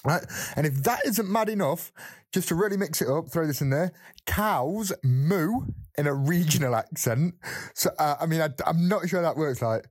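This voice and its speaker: A man's voice: fairly high pitch, moderate pace, husky, no room sound. Playful man with a dry sound. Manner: playful, storytelling. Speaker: podcast co-host presenting a weekly fact. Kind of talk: casual chat.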